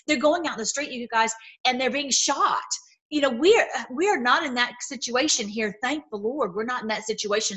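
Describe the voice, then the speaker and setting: A woman giving casual livestream commentary, animated and rambling, with frequent restarts and fillers. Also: sits high, normal speed. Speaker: online commentator.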